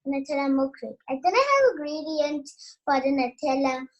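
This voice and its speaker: Hesitant high-voiced guest reading a menu. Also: female voice, big pitch swings, normal speed, muffled recording. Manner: hesitant, with fillers and restarts. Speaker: kid entrepreneur guest.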